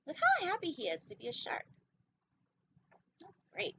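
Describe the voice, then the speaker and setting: A woman's voice: extremely high pitch, huge pitch swings, normal speed, background noise. A woman hosting a casual storytime, reading a picture book with goofy, rambling asides. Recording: dull lo-fi recording.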